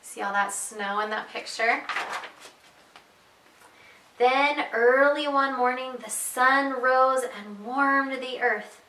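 A high, bright-voiced woman reads picture books to little children as their preschool teacher. She takes her time and sings the story with big rises and falls. The voice sounds off-mic, with an echoey room around it. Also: a little hiss or hum. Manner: slow, sing-song storytelling with lots of pitch leaps. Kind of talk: reading picture books aloud to young children. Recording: echoey room, voice heard from a distance.

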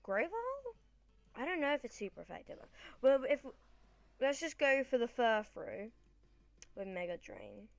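A woman's voice: fairly high pitch, expressive, normal speed, gravelly, no echo, faint music behind. Chatty British woman narrating gameplay. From Britain. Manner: chatty, rambling, self-correcting. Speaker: gaming channel host. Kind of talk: casual gameplay commentary.

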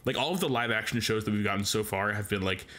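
Man, podcast co-host, casual chat, somewhat low voice, rambling, eager. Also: quick pace, a bit bright. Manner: rambling, many "like" fillers; enthusiastic fan.

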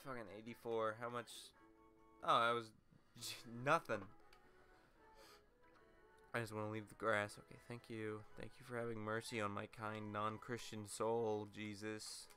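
A man's voice: fairly low pitch, level tone, measured pace, bright, forceful tone, soft background music. A man hosting a let's play, rambling through crude, self-mocking jokes while commenting on the game.

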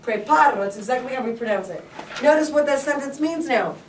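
A woman teaching a Spanish class, asking students questions and drawing words out slowly. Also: high voice, animated, a little hiss or hum. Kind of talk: classroom lesson. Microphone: camera from across the room. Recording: echoey classroom from far off.

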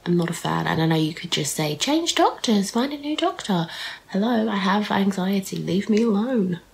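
A woman's voice: low-pitched, vocal fry, low-quality recording. A young British woman chatting casually to camera as a vlogger. She sounds nasal from a blocked nose and talks in a frank, rambling way, with many ums and some swearing. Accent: British English.

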